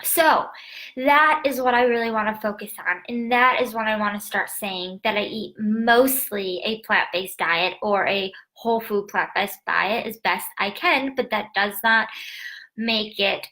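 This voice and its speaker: A woman's voice: medium pitch, a little slow, pushed and bright. A young adult woman dietitian talking casually to a phone camera, emotional and laughing often, with many fillers and asides.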